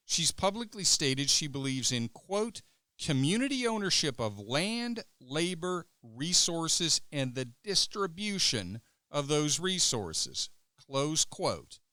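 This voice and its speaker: A man's voice: a little high, bright, forceful tone, no room sound. A man hosting a political podcast, reading scripted commentary in a sarcastic, mocking way. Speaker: podcast host.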